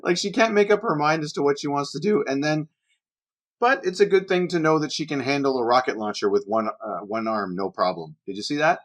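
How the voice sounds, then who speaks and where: A man's voice: fairly high pitch, animated, brisk, a bit bright. A Canadian man co-hosting a casual movie podcast, rambling and laughing as he talks. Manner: laughing, rambling, repeats words. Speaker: podcast co-host. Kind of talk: casual chat.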